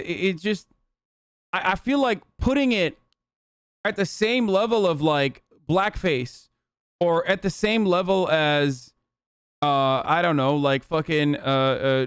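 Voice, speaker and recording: Male streamer, profane and rambling, crisp and fairly high voice, dry close mic. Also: no room sound. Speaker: streamer reacting to a video. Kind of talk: casual reaction commentary.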